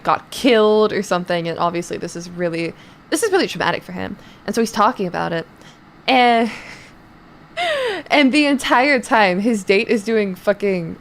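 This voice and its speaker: A young woman streamer casually telling a rambling story to her chat, full of fillers and swearing. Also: mid-range voice. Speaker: streamer and voice actor.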